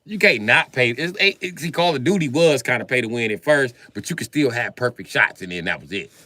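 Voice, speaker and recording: A man's voice: medium pitch, lively intonation, brisk, pushed and bright, no echo. A man in his forties chatting casually on a livestream, answering viewers with profane, slangy, joking banter. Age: 40s.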